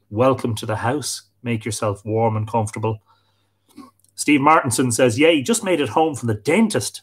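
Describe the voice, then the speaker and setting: A man with an Irish accent hosting a live online show, chatting casually and greeting viewers by name as he reads out their comments. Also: mid-range voice. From Ireland. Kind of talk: casual live-stream chat, reading out comments.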